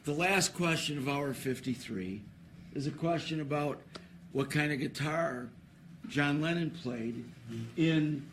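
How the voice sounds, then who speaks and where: A man's voice: on the high side, unhurried, slight background noise. A man announcing a trivia contest, who tells a story at an awards ceremony before a live audience. He rambles, laughs and restarts his sentences.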